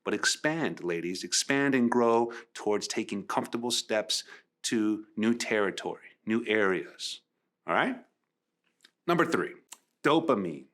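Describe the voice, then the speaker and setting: A man who works as a love coach, talking straight to women in an animated way. He stresses points by repeating phrases and acts out conversations as he tells them. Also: on the low side, measured pace.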